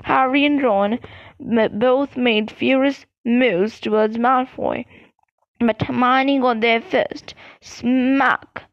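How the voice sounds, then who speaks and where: High gravelly woman reading a book aloud. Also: steady tone, takes it slowly, no room sound, lo-fi sound. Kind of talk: audiobook read-aloud narration.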